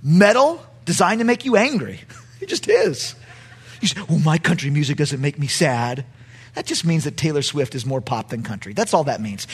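A man preaching a sermon with animated delivery, building to shouts at the peaks. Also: fairly high pitch, normal speed, breathy edge. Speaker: pastor.

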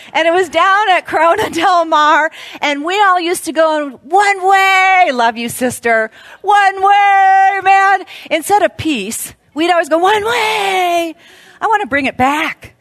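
Animated woman preaching, dry sound. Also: high-pitched, no room sound. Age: middle-aged. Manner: animated storytelling preacher, swings from hushed to loud. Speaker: speaker at a women's Christmas event. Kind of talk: sermon.

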